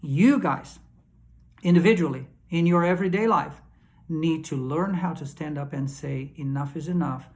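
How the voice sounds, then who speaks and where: A man's voice: fairly high pitch, normal speed, darkish tone. An earnest man recounting a conference panel he sat in on, in a casual spoken recap. He talks emphatically, stumbling into restarts and repeating words as he pushes his points.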